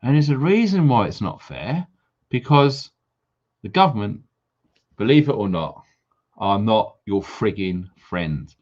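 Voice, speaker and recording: A man hosting a livestream, ranting sarcastically and firing off rhetorical questions with indignant high jumps for emphasis. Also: expressive, measured pace, a little mellow. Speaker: livestream host. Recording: dull lo-fi stream audio.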